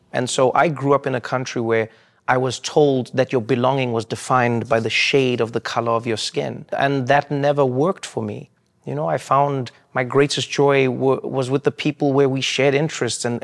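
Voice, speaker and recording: A man, answering interview questions, an animated storyteller. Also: medium pitch, vocal fry. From South Africa. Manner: animated storyteller who acts out quotes. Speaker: interview guest. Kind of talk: reflective interview answers with humor.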